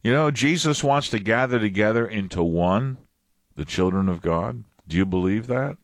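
Low-voiced man preaching casually. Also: expressive, normal speed, dry recording, studio quality. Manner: casual, digressive, chuckling asides. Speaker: pastor. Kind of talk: conversational sermon.

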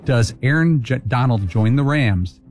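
A man who is a regular on a sports talk show, trading deadpan quips with the host. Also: mid-range voice, measured pace, faint music behind. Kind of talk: casual studio banter.

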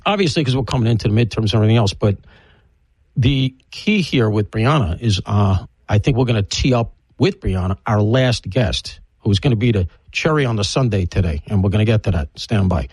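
A man's voice: on the low side, animated, fairly quick, a little mellow, slightly rough, no room sound, rough recording. A man hosting a radio talk show, rambling bluntly through an opinionated monologue and previewing guests. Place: broadcast studio.

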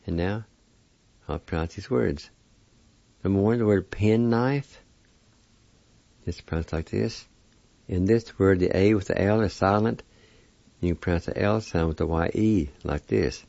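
A man giving a slow spelling and pronunciation lesson, spelling out letters and repeating syllables one by one. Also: low voice, vocal fry, dark tone, no room sound. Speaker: language teacher. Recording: muffled lo-fi recording.

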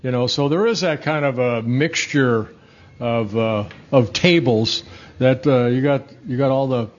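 A man in his seventies from the Netherlands, a former pitcher telling rambling, self-correcting stories in an interview. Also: measured pace, lo-fi sound. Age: 70s. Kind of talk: casual storytelling interview.

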